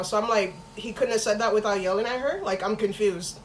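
A young adult woman co-hosting a podcast, telling a story in casual slang with lots of swearing and animated quoting. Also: medium pitch, fast talker, few pauses, a little hiss or hum, rough recording. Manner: slangy, profane, animated retelling. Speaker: podcast co-host.

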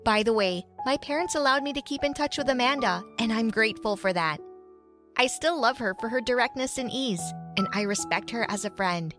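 A woman narrating a first-person story in an animated way, acting out the characters' lines. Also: fairly high pitch, fairly quick. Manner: animated, voices characters in quotes. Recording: soft music behind.

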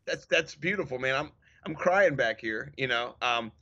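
Bright, playful man with a jokey edge. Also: medium pitch, expressive, moderate pace, creaky, highs cut off. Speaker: podcast co-host. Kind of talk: casual chat.

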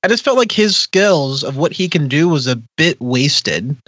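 A man's voice: on the high side, expressive, moderate pace, fairly bright tone, dry recording. A man reviewing a film on a podcast in loose, rambling casual chat. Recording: dull, dry lo-fi mic.

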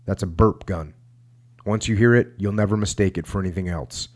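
Man reading a relaxed army sergeant, low-pitched, calm and reassuring. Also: a little fast. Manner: casual, reassuring soldier talk. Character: male army sergeant, easygoing and protective.

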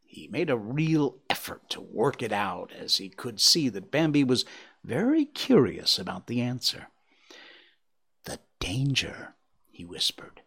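A man reading a children's story aloud, bringing the characters to life with a varied voice. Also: slightly rough. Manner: lively, voicing characters with shifting pitch. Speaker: narrator.

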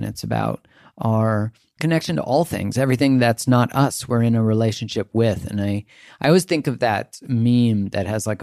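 A man's voice: on the low side, vocal fry, mellow, no echo, clean studio sound. A man hosting his podcast, reading a listener review and an ad in a playful, jokey way. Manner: playful, jokey, self-deprecating. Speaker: podcast host. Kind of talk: casual podcast intro and ad read.

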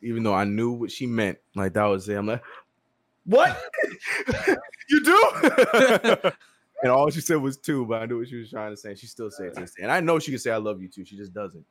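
A man in casual chat about fatherhood, talking haltingly with many restarts and laughs. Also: on the low side. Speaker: podcast co-host, father.

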